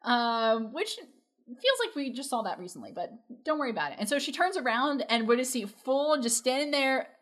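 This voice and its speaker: A woman's voice: high voice, animated, fairly quick, fairly bright tone. Chatty woman recapping an anime. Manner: chatty, retells scenes with quoted voices, frequent fillers. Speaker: co-host reacting to an anime episode. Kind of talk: casual recap chat.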